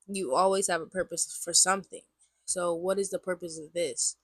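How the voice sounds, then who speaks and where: A woman's voice: fairly low pitch, fairly even intonation, normal speed, slightly rough, no room sound. A woman in her twenties, sounding congested, casually telling a personal testimony to camera and often repeating herself. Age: 20s. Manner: rambling, repeats phrases, many likes. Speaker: vlogger sharing a testimony.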